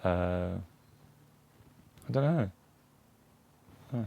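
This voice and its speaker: A middle-aged man with a low, gravelly voice tells a rambling story in a casual interview. He acts out the other people's lines as he goes. The sound is dry and close, with no room around it. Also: expressive, extremely slow, dry recording, phone-quality sound. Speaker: interview guest, tribute act for a famous singer.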